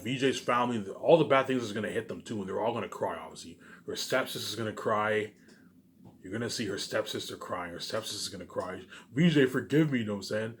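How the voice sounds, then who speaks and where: A channel host with a fairly low, slightly bright voice rambles through a solo monologue to his viewers over a little hiss or hum. Profane, emphatic, and grandiose, he keeps repeating "obviously" and "you know what I'm saying."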